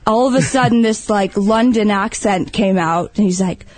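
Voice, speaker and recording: A woman in casual talk, telling a lively story and calling her partner babe. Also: mid-range voice, normal speed, no room sound, low-quality recording. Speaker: guest. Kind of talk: casual chat.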